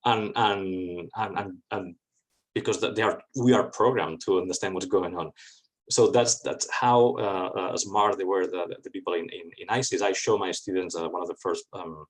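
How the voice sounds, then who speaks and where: A man takes questions after giving a talk. His voice sits a little low, and he answers in a lively, wry way. He often trips over his words and restarts. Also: moderate pace, rough recording. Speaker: guest speaker. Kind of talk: academic talk Q&A.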